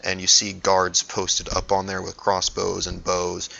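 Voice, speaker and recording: A man's voice: low-pitched, completely flat delivery, measured pace, vocal fry, sharp tone. A man narrating a tabletop game as game master, rambling with many fillers, on a dull lo-fi recording.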